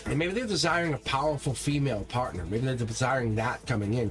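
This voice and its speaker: A man's voice: mid-range voice, fast talker, hardly any pauses. A man giving a live tarot reading, talking emphatically and directly to his viewers. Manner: energetic, emphatic, talks straight to viewers. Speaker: tarot reader. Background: faint music.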